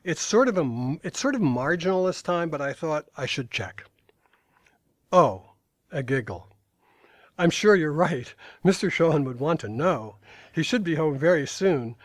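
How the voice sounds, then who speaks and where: An older man reads passages from his own memoir to an audience. His voice sits a little high, and his delivery is dry and matter-of-fact. The sound is close and dry, with no room echo. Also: expressive, moderate pace. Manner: dry storytelling, brief asides to the audience. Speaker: author reading from his memoir. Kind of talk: reading aloud at a live talk.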